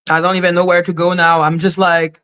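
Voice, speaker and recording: A woman's voice: fairly low pitch, level tone, fairly quick, fairly bright tone, clear, resonant tone. A woman hosting a casual livestream, talking to her chat in an emotional, openly apologetic way and swearing freely. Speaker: livestream host reading chat.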